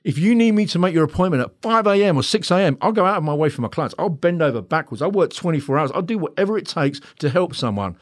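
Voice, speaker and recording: A quick-talking man with a lively, swinging voice that sits a little high for a man. He is a therapist guest who tells his stories bluntly and swears freely. He acts out every line of dialogue himself. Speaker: hypnotherapist guest. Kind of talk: animated storytelling in a podcast interview.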